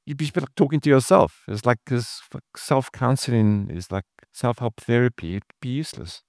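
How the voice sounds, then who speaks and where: A man's voice: mid-range voice, moderate pace, vocal fry, darkish tone, no echo, studio quality. A man, a pastor, giving an earnest, conversational sermon with casual asides.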